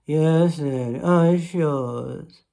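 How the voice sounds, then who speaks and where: A woman voicing a sultry woman who purrs slowly in a low, breathy voice. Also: dark tone, exaggerated voice. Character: sultry woman purring in pleasure.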